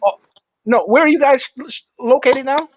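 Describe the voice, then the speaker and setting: A man's voice: very high-pitched, moderate pace, dry recording. A man with a New York accent hosting a call-in livestream show, teasing his callers in a casual way and often restarting his words.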